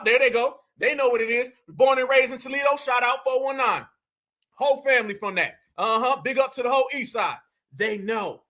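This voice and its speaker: A man with an Ohio accent hosts a livestream, his voice high and bright. He talks in a preachy way and keeps calling his viewers family. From Ohio, USA. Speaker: channel host. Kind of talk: livestream commentary.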